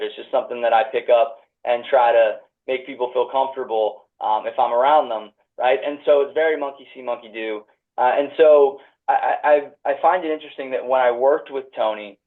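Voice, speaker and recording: Mężczyzna po trzydziestce z Filadelfii, rozwlekle odpowiada jako gość, z wieloma urwanymi zdaniami, przez blaszany, telefoniczny dźwięk rozmowy wideo. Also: male voice, medium pitch, quick pace. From Philadelphia. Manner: rambling, full of restarts and hedges. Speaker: guest. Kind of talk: reflective conversational answers. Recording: tinny phone-like video call audio.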